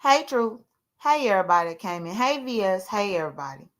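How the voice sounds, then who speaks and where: A woman's voice: medium pitch, very animated, a little fast. A woman, talking candidly and emotionally to her livestream viewers in a rambling way. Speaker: livestream host. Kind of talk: casual livestream talk.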